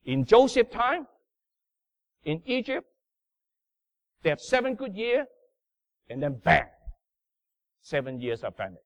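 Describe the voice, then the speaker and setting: A man preaching a sermon in non-native English, emphatic, swinging from loud bursts down to low murmurs. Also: very animated, slow pace, long pauses, dry recording. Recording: dull lo-fi sound.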